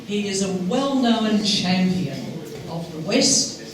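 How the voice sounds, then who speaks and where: A man hosting an event, giving a formal, measured introduction of the next speaker. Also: sits high, big pitch swings, a crowd in the background. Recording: echoey hall, distant mic, noise.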